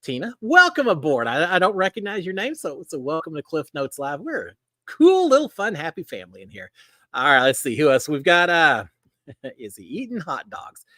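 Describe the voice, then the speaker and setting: Hosting a live show, a middle-aged man from Texas talks with viewers in a drawling, folksy way. He speaks fairly quickly in a voice on the high side, with no echo, full of animated warm greetings and plenty of fillers.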